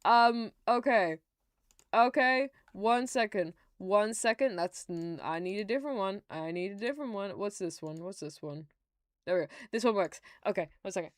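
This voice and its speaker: Young British woman, gamer streamer, chatty, giggly and rambling, with a clean, crisp, close-miked voice. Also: medium pitch, moderate pace, dry recording. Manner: giggly, rambling, chatty with frequent laughs and restarts. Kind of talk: casual live-stream chat and game text reading.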